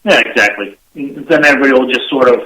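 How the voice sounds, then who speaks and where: A man's voice: medium pitch, fast, sharp tone, roomy sound, rough recording. A man co-hosting a casual internet radio chat, joking and teasing his co-host.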